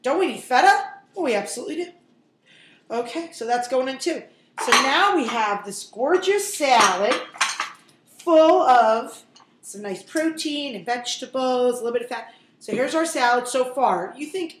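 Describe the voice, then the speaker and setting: Cooking host, woman, 40s, high and chatty with wisecracks, roomy echoey kitchen. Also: lively intonation, moderate pace, noisy background. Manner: chatty, jokey, talks straight to viewers. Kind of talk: casual cooking demonstration.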